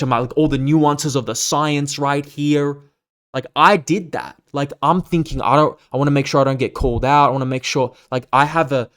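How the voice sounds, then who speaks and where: A man's voice: mid-range voice, fairly bright tone. A man hosting his own podcast as a coach, giving a blunt, profane, emphatic unscripted rant. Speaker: fitness coach and podcast host.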